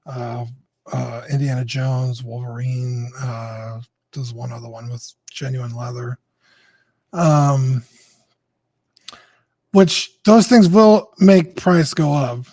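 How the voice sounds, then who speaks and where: A man's voice: mid-range voice, darkish tone, no room sound. A man talking as a podcast guest in casual chat, blunt, sighing and swearing casually.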